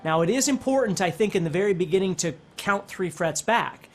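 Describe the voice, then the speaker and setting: A guitar instructor gives a casual lesson, explaining step by step and checking in with the viewer through "okay?" and "right?". His voice is high, expressive, and a little fast. Guitar playing is heard in the background.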